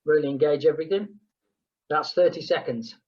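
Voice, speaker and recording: A woman's voice: low voice, a little fast, a little mellow, muffled recording. Chatty fitness instructor woman. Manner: chatty, counts down, hums playful sounds. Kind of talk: leading a group exercise class.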